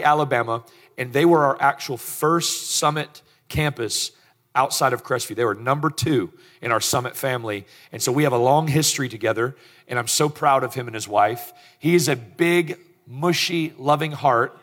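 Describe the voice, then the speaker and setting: A man's voice: mid-range voice, a bit bright. A man, a senior pastor introducing a guest speaker in an affectionate, plainspoken way. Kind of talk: sermon introduction. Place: church stage.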